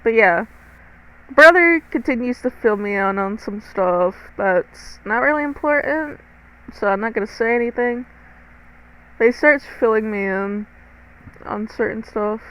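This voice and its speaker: A woman's voice: a little high, a little slow, a bit bright, clear, resonant tone, low-quality recording. A teenage girl narrating a storytime to viewers, chatty and dramatic, swearing freely and talking straight to the audience. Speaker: storytime vlogger.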